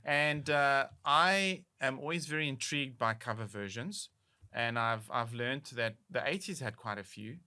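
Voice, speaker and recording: Guy, bright tense voice, gushes about songs he loves. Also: medium pitch, animated, normal speed. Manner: enthusiastic, gushing about songs. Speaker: podcast co-host. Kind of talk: casual chat.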